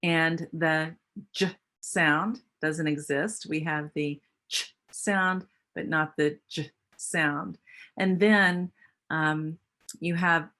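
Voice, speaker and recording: A woman's voice: sits low, steady tone, drawn-out words, sharp tone. An American woman explaining speech sounds in a teacher training presentation, with a patient, explanatory manner and frequent restarts. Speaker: literacy educator.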